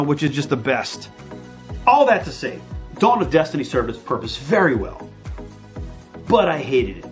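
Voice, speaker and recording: A man's voice: mid-range voice, sing-song, moderate pace, pauses often, soft background music. Chatty middle-aged man, casual vlog. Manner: chatty and self-deprecating, with playful asides. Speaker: author promoting his book series. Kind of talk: casual direct-to-camera vlog.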